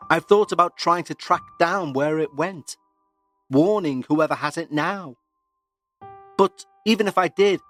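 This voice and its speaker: A man's voice: a little high, a bit bright. A man reading a listener's letter as an anxious Scottish woman, in a put-on Scottish accent, earnest and uneasy. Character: anxious Scottish woman writing about a haunted dresser. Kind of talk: dramatic reading of a listener email.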